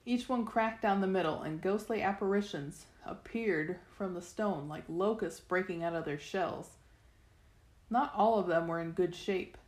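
A woman reading a novel aloud in first person, steady storytelling with the odd restart. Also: lowish voice. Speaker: reader. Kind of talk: first-person audiobook narration. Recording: echoey room.

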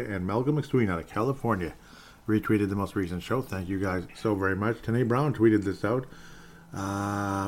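A man hosting a solo sports podcast, reading listener messages and launching into sarcastic rants, often repeating his own phrases. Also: on the low side. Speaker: podcast host.

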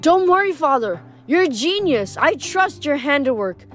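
A woman's voice: high-pitched, animated, a little slow, faint music behind, voice pushed up. A woman reading aloud, voicing a reckless, eager teenage boy with a carefree manner, for an audiobook. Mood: exultant.

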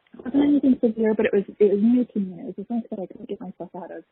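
Husky young woman on a tinny line. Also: medium pitch, no room sound. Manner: halting and emotional, many pauses and fillers. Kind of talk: personal story. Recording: tinny phone-like recording.

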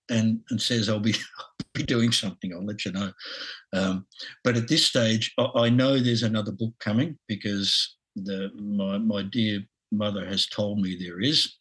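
A man in his sixties with an Australian accent, a podcast guest talking haltingly with lots of restarts and chuckles. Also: lowish voice, fairly bright tone, slightly rough, rough recording. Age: 60s. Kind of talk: casual interview.

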